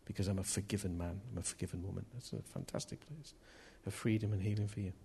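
A man's voice: low-pitched, steady tone, fast talker, gravelly, warm tone, slight background noise. A man preaching a sermon in a chatty, jokey way, laughing at himself as he tells stories.

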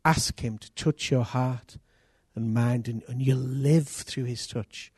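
A man preaching a sermon as pastor, earnest and intimate, with sudden loud rises. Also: mid-range voice, steady tone, takes it slowly, husky, no echo, clean studio sound.

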